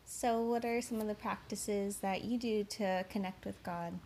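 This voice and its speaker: Woman, interviewer, attentive, affirming, mid pitch, faint noise behind. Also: steady tone, moderate pace, a little mellow.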